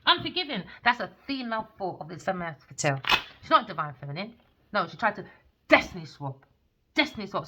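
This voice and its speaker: A woman giving a rambling tarot reading, telling a story in an excitable, profane way. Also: mid-range voice, a little hiss or hum, poor audio. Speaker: tarot reader.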